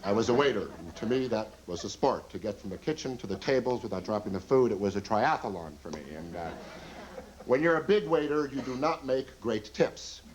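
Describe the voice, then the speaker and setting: A man performing a wry, deadpan stand-up routine on a TV show in front of a live studio audience. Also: mid-range voice, a little fast, low-quality recording. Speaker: stand-up comedian. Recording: old TV tape, audience noise.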